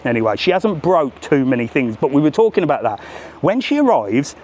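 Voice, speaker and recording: A man's voice: fairly high pitch, sing-song, fairly quick, a little mellow, slight background noise. A middle-aged man with a cheeky, chatty manner, hosting a live walking vlog on a seaside promenade. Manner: cheeky, chatty, jokes with strangers. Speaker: travel vlogger.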